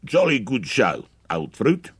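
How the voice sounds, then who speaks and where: A man's voice: sits low, big pitch swings, normal speed, vocal fry, fairly bright tone, slightly rough, full character voice. A man voicing a crude soldier who talks in a mocking, drawling way.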